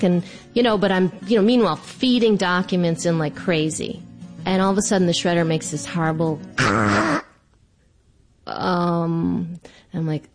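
Animated woman telling a funny story. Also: on the low side, normal speed, faint music behind. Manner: animated, self-mocking, breathless asides. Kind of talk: comic personal storytelling.

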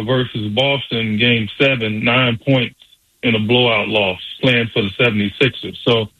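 A man breaks down basketball on the radio in a loose, conversational way, recapping games with plenty of fillers along the way. His voice is bright and forward. The sound is dry and close, with no room around it. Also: mid-range voice, dry recording, poor audio. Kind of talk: casual radio analysis.

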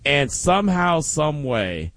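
A man's voice: on the high side, slow, no echo. A man hosting a daily sports talk show, telling stories casually with frequent laughs. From Oakland. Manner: animated storytelling with frequent laughs.

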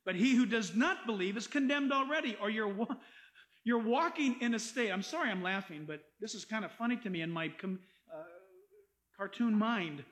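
A male pastor preaching a sermon, animated and emphatic, quoting scripture and joking along the way. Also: extremely high pitch.

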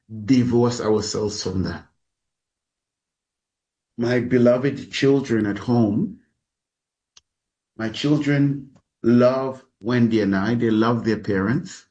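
Slow, deliberate male pastor preaching. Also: medium pitch, darkish tone. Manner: slow, deliberate, addresses listeners as beloved. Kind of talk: sermon.

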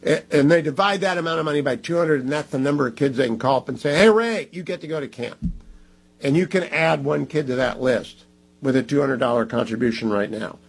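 A man's voice: mid-range voice, brisk, creaky, slightly rough. A middle-aged man hosting a radio talk show, reading ads live in an emphatic, conversational way and repeating phone numbers.

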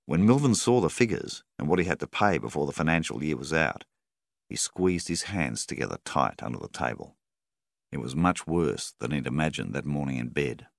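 A man narrating a story in a measured, steady reading style. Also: a bass voice, gravelly, no room sound, clean studio sound. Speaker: audiobook narrator. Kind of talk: scripted narration.

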